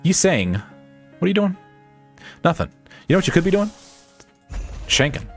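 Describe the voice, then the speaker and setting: A man's voice: high voice, very animated, moderate pace, creaky, long pauses, faint music behind. A man streaming a game playthrough, joking around, laughing often and reading lines in mock-dramatic voices.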